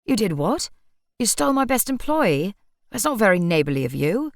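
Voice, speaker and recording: A woman's voice: mid-range voice, sing-song, normal speed, no echo, studio quality. Woman voicing Charlie, flustered shopkeeper man. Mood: huffy. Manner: pleading, huffy. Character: flustered mild-mannered male shopkeeper.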